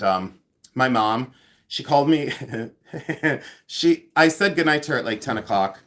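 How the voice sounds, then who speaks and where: This livestream host is a man in his fifties broadcasting casually from home in a medium-pitched, slightly bright voice. He rambles, pokes fun at himself, reads out viewer comments, and thanks people by name.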